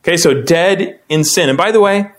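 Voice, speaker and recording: A man runs a casual Bible study with easy conversational talk, calling on members of the group by name to read. His voice keeps lifting higher as he warms to an explanation. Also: moderate pace. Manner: lively, often rising in pitch when explaining. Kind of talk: casual classroom teaching.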